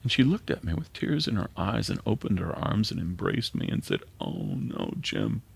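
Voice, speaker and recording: Deep gravelly-voiced man preaching. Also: big pitch swings, a little fast. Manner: earnest, drops to a hushed near-whisper at times. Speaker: pastor. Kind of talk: sermon.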